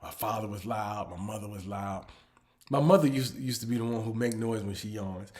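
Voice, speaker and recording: A man hosting his own comedy show, ranting animatedly about pet peeves, dropping to low mutters and then bursting out loud. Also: normal speed. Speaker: comedian host. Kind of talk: comedic monologue.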